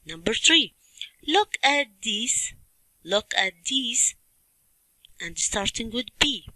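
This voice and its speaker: A woman teaching a children's English lesson, speaking slowly and clearly and repeating questions and word drills. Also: a little high, bright, forceful tone, no room sound, low-quality recording. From Libya. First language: Arabic.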